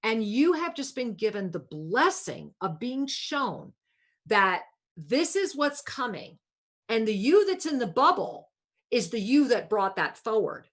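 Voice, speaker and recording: A woman's voice: a little high, sing-song, a little slow. A woman hosting a spiritual talk radio show, coaching a caller in a soothing, affectionate way and calling her pet names.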